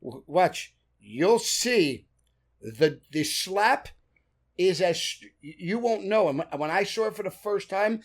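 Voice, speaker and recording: A man's voice: high voice, lively intonation, slow pace. A man with a Brooklyn accent, a guest actor telling blunt, profane stories and acting out the scenes. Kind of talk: animated storytelling.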